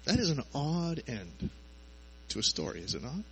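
A man's voice: medium pitch, very animated, moderate pace, a bit bright, slight background noise, rough recording. A man preaching a sermon in a conversational way, asking his listeners rhetorical questions.

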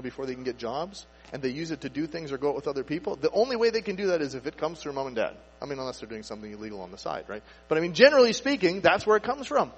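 A man preaching a sermon in a relaxed, conversational way, asking rhetorical questions and acting out people's inner thoughts. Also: fairly high pitch. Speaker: pastor. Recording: echoey hall with faint mains hum. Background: faint mains hum.

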